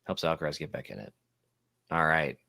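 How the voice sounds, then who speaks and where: A man's voice: very deep voice, lively intonation, creaky, pushed and bright, dry recording, studio quality. A man co-hosting a live tennis watchalong, commenting casually and playfully riffing with his co-host. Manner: playful, jokey, quick to riff.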